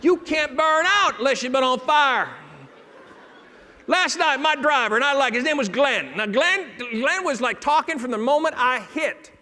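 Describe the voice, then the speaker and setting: In a long hall reverb with a little hiss or hum, a man gives a comedic storytelling keynote, his voice extremely high-pitched at a normal speed. He's animated and acts out the quoted voices of characters in his stories.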